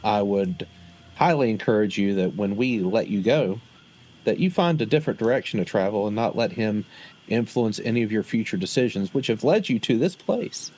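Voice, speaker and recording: A man speaks in character at a tabletop game, measured and formal with frequent pauses and fillers. His voice sits fairly low. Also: animated, darkish tone. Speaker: player.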